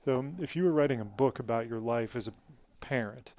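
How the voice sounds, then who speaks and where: A man hosting a podcast, asking parenting questions in a relaxed, conversational way. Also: medium pitch, fairly quick. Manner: relaxed, conversational, says "dude". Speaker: podcast host. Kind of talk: casual interview chat.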